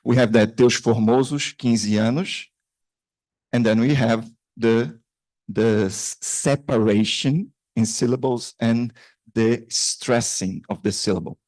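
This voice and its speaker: A man's voice: medium pitch, slow, darkish tone, dry recording. A man giving a conference paper talk, hesitant, with many restarts and fillers. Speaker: conference presenter. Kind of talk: academic paper presentation. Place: conference room.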